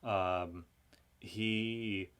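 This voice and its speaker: Male guest, lowish voice, hesitant and stop-start, political chat. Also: fairly even intonation, fairly bright tone, smooth. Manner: halting, frequent restarts and stammered repeats. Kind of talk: conversational political discussion.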